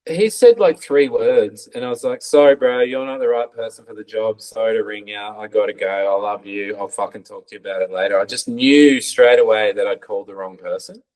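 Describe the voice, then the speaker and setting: A man's voice: lowish voice, brisk, few pauses, low-quality recording. Swearing man telling stories. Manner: swears freely, lively storytelling with quoted voices. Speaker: podcast guest. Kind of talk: casual storytelling interview.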